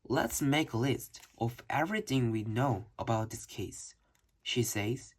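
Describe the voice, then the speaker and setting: A reader reading a children's book aloud slowly and carefully, with occasional slips. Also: medium pitch, big pitch swings. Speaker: storybook reader.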